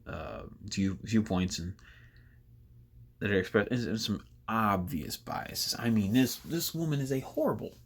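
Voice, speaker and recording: A man hosting casual political commentary, sarcastic and rambling with frequent restarts. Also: fairly low pitch.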